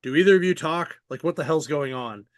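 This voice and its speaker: A man's voice: fairly high pitch, brisk, no room sound, clean studio sound, close to an everyday voice. A man loosely voicing a haughty alien male warlord from a comic, quoted in casual retelling, scornful and cutting.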